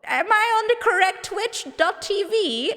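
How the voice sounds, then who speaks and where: A woman putting on the voice of a refined, wise ninety-year-old grandma, speaking slowly and high. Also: expressive, pushed and bright, big-room sound, exaggerated voice. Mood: prim. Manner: slow, high and drawn out.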